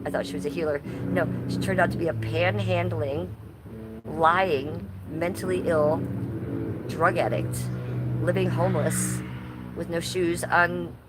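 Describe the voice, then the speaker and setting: A woman's voice: on the low side, steady tone, a little slow, very noisy. Blunt, ranting woman live streamer. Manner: blunt, profane, ranting, answers chat. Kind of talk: casual live-stream commentary.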